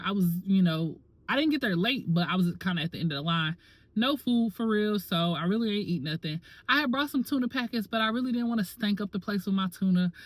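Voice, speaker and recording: A woman vlogger telling her own story in a casual, dramatic and expressive way, talking straight to her viewers. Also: lowish voice, no echo. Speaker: actor and vlogger.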